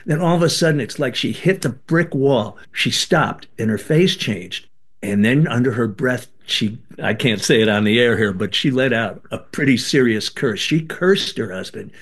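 Animated older man telling a story. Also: mid-range voice, moderate pace, slightly rough. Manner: animated, acts out quoted voices. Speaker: guest, former band member and author. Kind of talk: storytelling in an interview.

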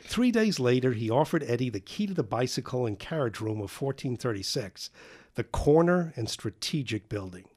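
A man's voice: mid-range voice, sing-song, normal speed, a little mellow. A man reading a novel aloud in a dry, wry way. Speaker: narrator.

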